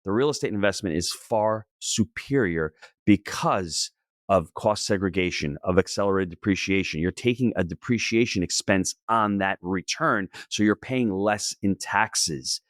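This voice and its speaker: A middle-aged man answering interview questions in an energetic, emphatic and persuasive way. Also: sits low, a little slow, no echo, clean studio sound. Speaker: podcast guest.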